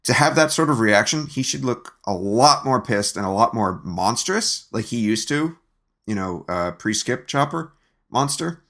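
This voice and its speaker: Measured, critical man on a podcast. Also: mid-range voice, lively intonation, a bit bright. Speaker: podcast panelist. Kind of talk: casual critique.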